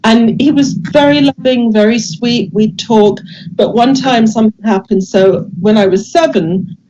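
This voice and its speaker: An older woman who grew up in England, gently recounting memories in a casual, hesitant way with many restarts, over a video call. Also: on the high side, a little slow, dull audio, background noise. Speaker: guest speaker sharing memories.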